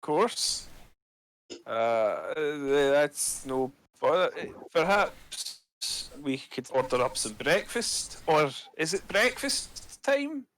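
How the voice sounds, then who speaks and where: A man's voice: a little high, sing-song, slow, a bit bright, exaggerated voice, poor audio. A man playing a stammering, polite dwarf. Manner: hesitant, stammering. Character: polite, fumbling adult male dwarf. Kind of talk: tabletop role-play.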